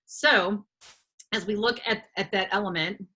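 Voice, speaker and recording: A woman presenting a workshop over a video call, her voice bright and forward. She talks loosely, with frequent fillers and repeated words as she gathers her thoughts. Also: medium pitch, measured pace, slightly rough. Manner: hesitant, many restarts and fillers. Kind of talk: live webinar presentation.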